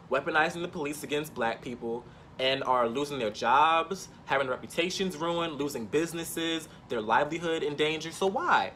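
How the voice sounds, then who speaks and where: A man's voice: fairly high pitch, fairly bright tone, a little hiss or hum. Impassioned man telling his story. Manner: emphatic, impassioned, repetitive for stress. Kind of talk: personal storytelling monologue.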